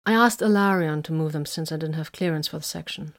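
Woman doing a sly calm lady inquisitor from a sci-fi audiobook, low voice, solemn. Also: quick pace. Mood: composed. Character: shrewd, composed female inquisitor.

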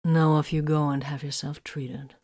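A woman voicing a gruff, hot-tempered male warrior sergeant in a read-aloud story, growling and snarling his lines in a low voice. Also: flat delivery, moderate pace, darkish tone.

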